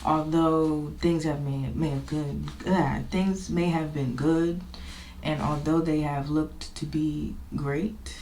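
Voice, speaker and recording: A woman's voice: deep voice, steady tone, slow pace, mellow. A woman hosting a podcast, talking informally and emphatically about her own life in a reflective, confessional way. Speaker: podcast host. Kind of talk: personal confessional talk. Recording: echoey room with faint noise.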